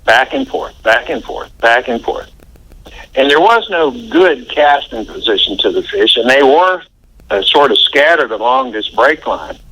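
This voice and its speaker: A man's voice: medium pitch, animated, measured pace, pushed and bright, husky, rough recording. An older man telling a story in an interview, chatty and folksy, chuckling as he recounts. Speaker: interview guest.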